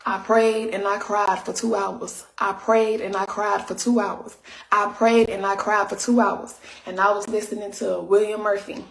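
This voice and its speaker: A woman's voice: medium pitch, flat delivery, normal speed, creaky, echoey room. A woman speaking in an emotional, preachy way, repeating herself for emphasis. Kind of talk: emotional testimony.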